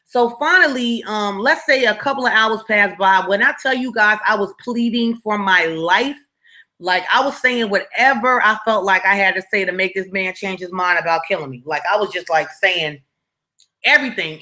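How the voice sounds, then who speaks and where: A woman's voice: medium pitch, moderate pace, sharp tone. A young woman casually telling a personal story to her viewers, slangy and conversational, often checking that listeners follow.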